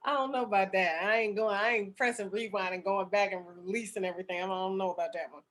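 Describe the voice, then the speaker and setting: A woman's voice: medium pitch, fairly even intonation, fast talker, fairly bright tone. A middle-aged woman telling a personal story in a casual, chatty way, full of fillers and asides like "okay?" and "right?". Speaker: spiritual medium and healer sharing a story.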